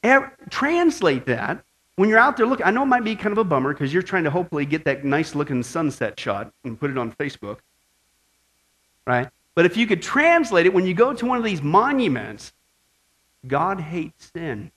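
A man preaching a Bible study sermon, animated and asking his audience questions. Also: sits high, fairly quick, low-quality recording.

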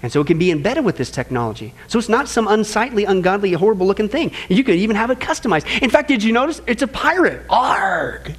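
A man with a notably high voice preaches a Bible study with strong emphasis. He calls his listeners folks, stacks repeated phrases and fires off rhetorical questions. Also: very animated, fast talker, few pauses. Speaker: Bible prophecy teacher. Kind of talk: sermon-style Bible study.

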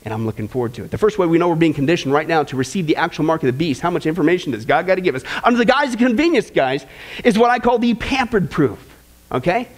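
A man's voice: a little high, very animated, fast talker. A man preaching a sermon with passion, scolding and acting out quoted voices. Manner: impassioned, scolding, acts out quotes.

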